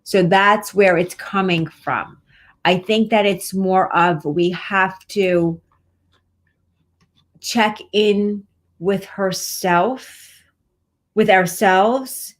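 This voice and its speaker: A woman's voice: mid-range voice, very slow, pauses often. A woman hosting a live pet-medium show, chatting casually and rambling reassuringly with plenty of fillers. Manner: warm-hearted, reassuring, rambling with many fillers. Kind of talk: casual live-stream chat.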